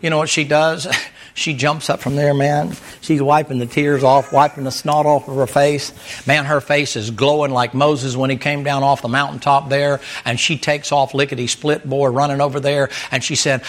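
A man's voice: medium pitch, level tone, normal speed. A man preaching a sermon in a folksy, emphatic way, chuckling often and repeating himself. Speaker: pastor.

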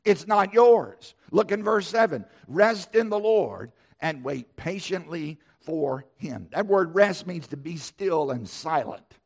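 A man's voice: a little high, animated, takes it slowly, hardly any pauses, husky. A middle-aged man preaching a sermon, emphatic and repetitive, with a preacher's cadence. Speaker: pastor.

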